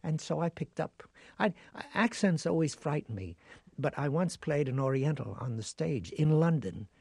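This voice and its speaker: An older man, a guest actor, telling stories in an interview, animated, acting out voices and laughing. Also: fairly high pitch, moderate pace, gravelly, husky, no echo. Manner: animated storyteller who acts out voices and laughs. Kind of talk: interview storytelling.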